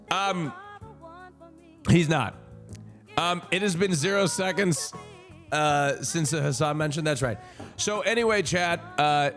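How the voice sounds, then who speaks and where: A man talks slowly to his livestream chat, in a voice that sits a bit high for a man. He rambles and jokes with plenty of fillers, and soft music plays faintly behind him. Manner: joking, rambling, many fillers and laughs. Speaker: streamer.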